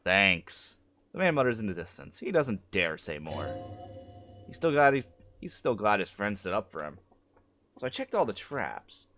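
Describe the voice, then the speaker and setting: Man streaming a game, reads narration aloud, lively pitch, lowish voice. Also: moderate pace. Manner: lively reading of narration with asides.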